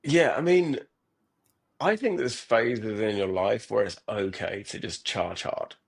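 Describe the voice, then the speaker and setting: A middle-aged man who founded a startup speaks unhurriedly in a lowish voice, slightly rough and marked by vocal fry. He's a guest on a podcast, reflective and earnest in this conversational interview, frequently restarting and repeating himself.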